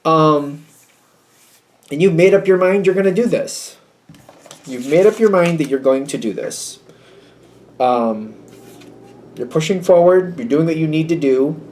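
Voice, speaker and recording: A man's voice: a little high, unhurried, long pauses, darkish tone, slight background noise. A man giving a casual tarot reading, rambling and thinking aloud, acting out little quoted exchanges. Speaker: tarot reader.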